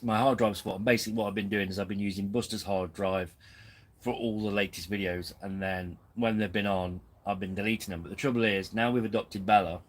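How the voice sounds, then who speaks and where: A camping channel host with a fairly low voice runs a casual live stream from his tent, rambling and poking fun at himself. The recording is rough, captured by a camera on a tripod.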